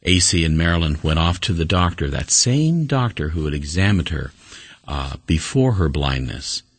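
Deep and husky, a man preaches a sermon with big pitch swings, earnestly recounting a story at a normal pace. Certain words rise high with emphasis while others drop to a quiet, low murmur. There's no echo.

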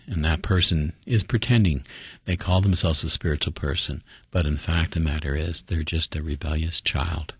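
A man preaching a sermon, emphatic, with slow deliberate pauses and sudden rises in pitch. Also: steady tone, slightly rough, no echo, studio quality.

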